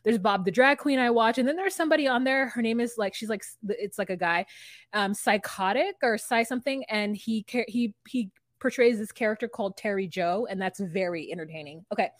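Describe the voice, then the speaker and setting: A woman's voice: on the high side, a little fast, dry recording, studio quality. A woman co-hosting a podcast, chatting casually in a rambling, frank way full of "like" and the odd curse word. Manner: rambling, lots of "like", frank and profane. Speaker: podcast co-host. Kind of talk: casual recap chat.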